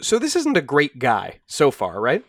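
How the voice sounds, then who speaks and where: A man's voice: mid-range voice, wildly swooping pitch, a little slow, dry recording, studio quality. A man co-hosting a podcast, telling a true crime story in a casual, conversational way and briefly acting out the quoted voices.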